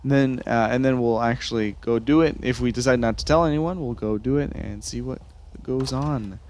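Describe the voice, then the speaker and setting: A man's voice: medium pitch, moderate pace, darkish tone. Casual young man playing a game. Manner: casual, chatty, rambling with fillers. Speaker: gaming channel host. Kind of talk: let's play commentary.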